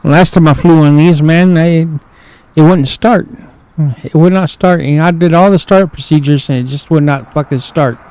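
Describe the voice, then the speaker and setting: A slightly high, somewhat mellow voice, clear and resonant, speaks at a moderate pace over poor audio. The man streams a flight game, offering casual commentary while grumbling and cursing to himself out of frustration.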